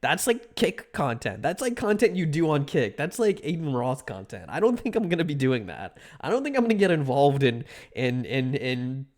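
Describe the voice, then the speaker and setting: A streamer talking loosely to chat at a desk mic, with a medium-pitched voice that swings up and down a lot. The talk meanders, stalls on repeated words and restarts mid-sentence. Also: big pitch swings, moderate pace, hardly any pauses, a little mellow. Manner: rambling, many restarts and repeated "like". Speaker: livestreamer. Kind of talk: casual livestream chat, answering viewers.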